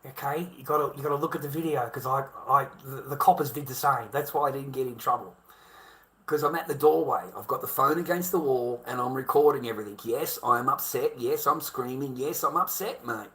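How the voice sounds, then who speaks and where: A man's voice: mid-range voice, brisk, pushed and bright. A man with an Australian accent talking casually to camera, blunt and heavily profane, circling back with repeated rhetorical questions.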